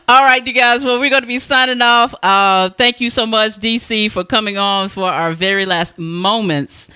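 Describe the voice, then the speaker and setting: A man's voice: high voice, normal speed, bright, forceful tone, smooth, no room sound, studio quality. A man hosting a talk radio show, speaking in an earnest, heartfelt way with frequent restarts.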